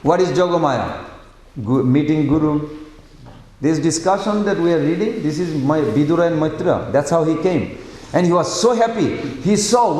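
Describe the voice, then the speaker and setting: A man preaching at a devotional scripture class, questioning the audience and acting out quoted voices with sudden loud outbursts, in non-native English. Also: fairly high pitch, expressive, moderate pace. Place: class room. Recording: roomy hall with long echo.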